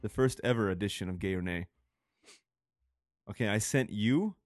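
A man's voice: fairly low pitch, moderate pace, no echo, studio quality, faint music behind. A man co-hosting a show, talking in crude, rambling casual banter, swearing a lot and laughing often. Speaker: podcast co-host.

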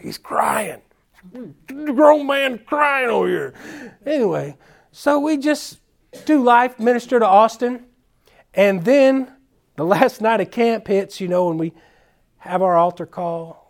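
A man who is a children's minister, telling stories at a conference in an animated, folksy way with casual slang. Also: high voice. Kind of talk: storytelling conference talk.

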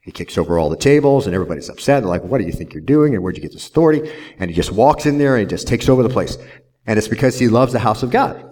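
A man's voice: lowish voice, animated, racing, darkish tone. A man pastor preaching a verse-by-verse sermon in an earnest manner, often tagging "see?" onto his points.

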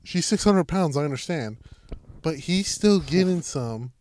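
Laughing, profane man with a slightly high voice. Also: animated, a little mellow. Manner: profane, laughing, halting interjections. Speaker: podcast co-host. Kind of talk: crude casual podcast banter.

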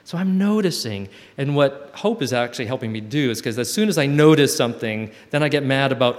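A man's voice: medium pitch, expressive, fairly quick. A man talking reflectively to a group, thoughtful and searching for words as he goes. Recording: long hall reverb.

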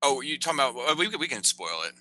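A man's voice: mid-range voice, very animated, quick pace, pushed and bright. A man co-hosting a podcast, telling a story in casual banter, rambling with many fillers. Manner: rambling, filler-heavy, many likes and ums. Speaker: podcast co-host.

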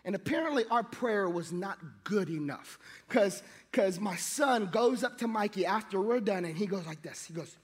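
A man's voice: high voice, moderate pace, few pauses, husky, big-room sound. A middle-aged man preaching a sermon, telling funny stories and acting out the people in them. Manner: animated, jokey, acts out voices. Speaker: pastor. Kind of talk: sermon with storytelling.

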